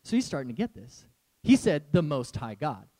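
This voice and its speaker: Male pastor, sermon delivery, high voice with big swings, animated and casual. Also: moderate pace. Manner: animated, conversational, laughs often.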